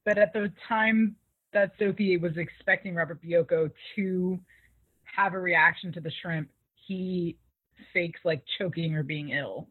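A woman co-hosting a podcast, casually recapping an episode in an animated way with laughter. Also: lowish voice, measured pace, no room sound. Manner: animated, laughing, acts out quoted lines. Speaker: podcast co-host. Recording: tinny phone-like dry sound.

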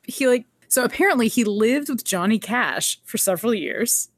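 A woman's voice: fairly high pitch, expressive, moderate pace, no room sound, clean studio sound. A woman co-hosting a podcast, recapping a TV episode in casual chat, laughing often and quoting characters. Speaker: podcast co-host.

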